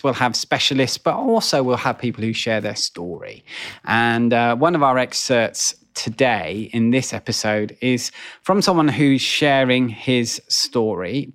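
A man's voice: medium pitch, a bit bright. A man hosting a church podcast, chatting casually and introducing the segments. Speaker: podcast host.

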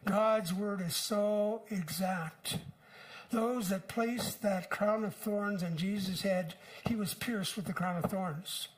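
An older man preaching a sermon in an earnest, unhurried way, with frequent pauses. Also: sits high, fairly even intonation, low-quality recording. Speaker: pastor.

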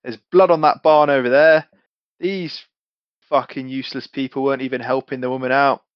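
During in-character tabletop role-play, a male player trades matey, laid-back banter laced with swearing. His mid-range voice is steady and clean, at a normal speed, and the recording is dry and slightly muffled with no room sound.

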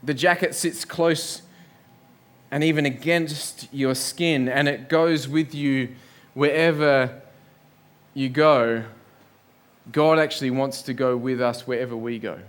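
A man's voice: mid-range voice, fairly even intonation, takes it slowly. A male pastor delivering a sermon inside a church building. His mid-range voice stays earnest as he builds lists of contrasts and puts questions straight to the congregation.

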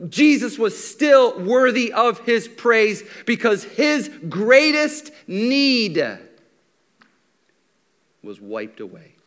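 A man with a high voice preaches a sermon as lively storytelling. He acts out what the characters say. His delivery jumps between loud shouting and soft, hushed near-whispers. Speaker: pastor.

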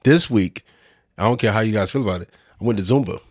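A low-pitched man co-hosting a podcast, his voice recorded close and dry. He repeats himself as he finds his words. He ends on pep-talk advice. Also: fast, husky, no room sound. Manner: stammers and restarts, motivational. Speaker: podcast co-host. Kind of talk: casual chat.

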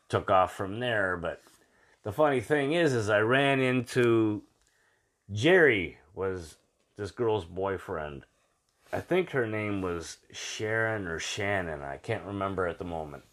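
A man's voice: fairly low pitch, lively intonation, unhurried, a bit bright. A man from Canada telling travel stories in casual chat, rambling with lots of fillers and swearing.

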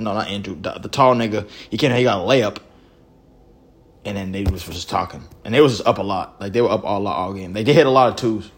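A man co-hosting a podcast, retelling a pickup basketball game in casual, profane slang. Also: lowish voice. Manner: animated storytelling, profane slang. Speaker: podcast co-host. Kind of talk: casual chat.

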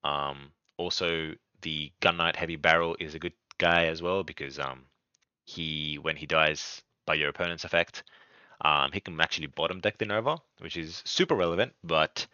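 A man with a low, forceful voice talks casually as a podcast host, stumbling through ums and restarts as he explains his strategy. The recording is dull and lo-fi, with a dry, close sound. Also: moderate pace, clean tone, no echo. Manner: rambling, many ums and restarts. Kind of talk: casual card game strategy talk.

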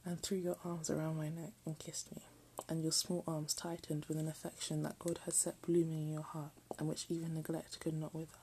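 Low, gravelly-voiced woman reading aloud. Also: level tone, fairly quick, warm tone, a little hiss or hum, low-quality recording. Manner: self-mocking. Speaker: reader. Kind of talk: reading a text aloud with joking asides.

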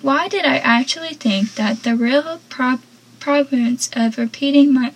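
Annoyed, studious teen girl read by a woman, slightly husky and high. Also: measured pace, heavily acted, low-quality recording.

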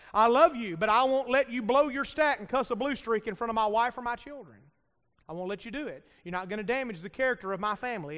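A man's voice: very high-pitched, a bit bright. A middle-aged pastor preaching a fiery sermon, pressing hard and calling out for amens from his congregation. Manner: emphatic, calls for amens from the congregation. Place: church sanctuary. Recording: long hall reverb.

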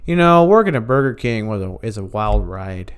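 A man telling a casual story about a former workplace, rambling and halting with many fillers and restarts. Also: lowish voice, sing-song, smooth. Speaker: storyteller, former fast-food worker.

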